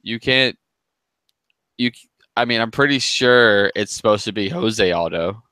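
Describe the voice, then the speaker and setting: A man co-hosting a casual sports chat, chatty and quick to laugh at himself. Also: fairly low pitch, pushed and bright, smooth, dry recording. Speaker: podcast co-host.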